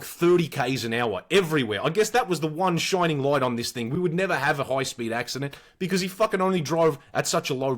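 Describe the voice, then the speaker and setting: An Australian man in his forties tells stories in a casual, animated way, peppered with swearing. His voice sits a little high for a man, and his delivery is blunt and lively. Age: 40s. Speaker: podcast co-host. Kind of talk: casual storytelling.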